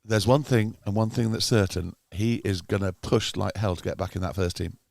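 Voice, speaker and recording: A man's voice: fairly low pitch, moderate pace, vocal fry, no room sound, studio quality. A man doing chatty live commentary on a club cricket match, teasing his co-commentator. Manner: chatty, teasing, gets excited at wickets.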